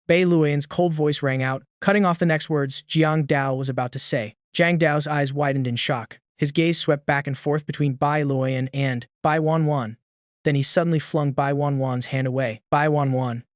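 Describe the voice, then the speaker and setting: A man reading a story aloud in an even, steady narration, with the dialogue read in the same voice. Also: a little high, no echo, clean studio sound.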